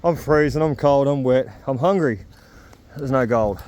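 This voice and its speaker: A man's voice: medium pitch, moderate pace, a little mellow, muffled recording. A man with an Australian accent, chatting casually to his camera as a metal detecting vlogger while out on a rainy hillside. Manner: chatty, laughs easily. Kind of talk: casual outdoor vlog narration.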